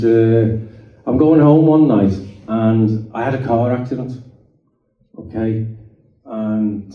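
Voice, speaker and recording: A middle-aged man giving a chatty personal testimony to an audience in a meeting hall, often checking in with "okay?" and "right?". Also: mid-range voice. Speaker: guest speaker giving a testimony. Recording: roomy hall, distant mic, dull sound.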